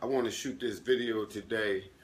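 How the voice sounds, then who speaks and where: A man's voice: fairly low pitch, fairly even intonation, normal speed. A man doing a comic monologue to camera, mock-emotional and drawn out, with fake crying. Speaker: comedy vlogger.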